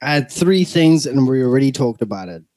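A man's voice: medium pitch, animated, a little fast, warm tone, dry recording, studio quality. A young man co-hosting a podcast, chatting casually, teasing and laughing often. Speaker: podcast co-host. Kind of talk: casual chat.

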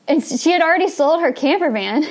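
A woman's voice: high-pitched, expressive, fast. A young woman hosting a podcast, telling a story in a casual, chatty way with plenty of fillers and laughs. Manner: chatty, laughs often, lots of "like" and "you know". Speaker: podcast host.

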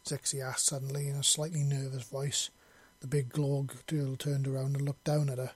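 A man narrating a story in a steady, even storytelling voice. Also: mid-range voice, moderate pace, husky, no room sound. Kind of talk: audiobook narration.

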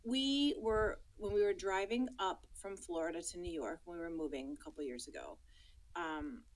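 A woman's voice: on the low side, moderate pace, poor audio. Laughing woman telling a story. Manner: animated storyteller, laughing often, acting out quotes. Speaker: podcast co-host. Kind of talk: casual chat, telling an anecdote.

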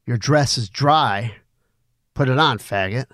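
A man's voice: mid-range voice, slow, a bit bright, no room sound, studio quality. A man voicing a cruel, mocking male bully who sneers and taunts. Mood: sneering.

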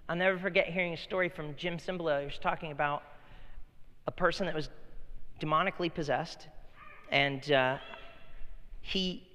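A man pastor delivering a sermon, moving between loud emphatic bursts and quiet, intimate storytelling. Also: fairly high pitch, steady tone, moderate pace, long pauses. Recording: long hall reverb.

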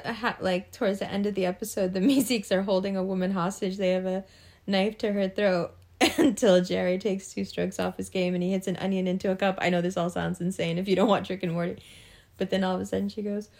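Her voice is mid-range, level, and a bit dark as this young adult woman delivers a casual monologue to camera. She frequently laughs, acts out how people responded, and speaks in a drawn-out way.

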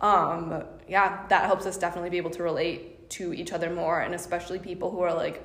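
A woman hosts a relaxed interview with plenty of enthusiastic agreement, animating her stories with quoted asides. Her voice is slightly low. The recording has a roomy echo. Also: fast talker. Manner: enthusiastic, affirming, animated quoting. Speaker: podcast host. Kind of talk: casual interview chat.

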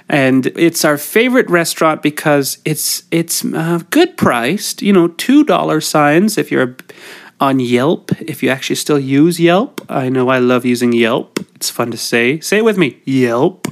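Here the solo podcast host, a middle-aged man from Canada, sounds gravelly and fairly high-pitched. Sick with a cold, he keeps things loose, rambling and poking fun at himself.

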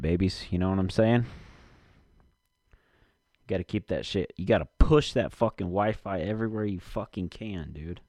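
A man's voice: deep voice, normal speed, a little mellow, no echo, clean studio sound. A man rambling casually to himself and his audience from his basement, cursing often and muttering while he searches for something.

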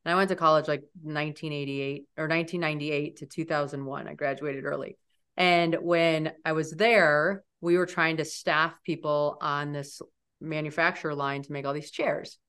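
A woman in her forties speaks as a podcast guest with a fairly low voice. She tells her stories in an animated, lively way. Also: moderate pace, clear, resonant tone. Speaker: interview guest. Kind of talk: storytelling in an interview.

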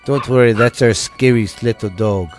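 A man's voice: medium pitch, moderate pace, soft background music. A man hosting a casual podcast with a Southern US accent, joking and teasing his co-host. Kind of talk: casual chat.

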